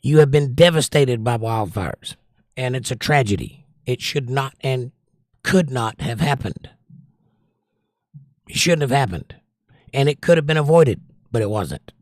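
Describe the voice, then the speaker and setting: A man's voice: mid-range voice, animated, a little slow, long pauses, dry recording, clean studio sound. A man hosting a casual livestream, reading out viewer comments and answering them in an opinionated, sarcastic rant. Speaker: livestream host.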